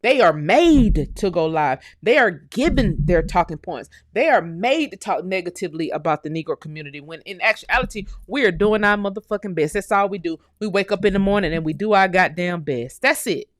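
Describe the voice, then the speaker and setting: A woman's voice: on the low side, lively intonation, a little fast, hardly any pauses, dry recording. Fiery profane woman host, dry sound. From United States. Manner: profane, emphatic, repeating phrases. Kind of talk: heated live-stream rant.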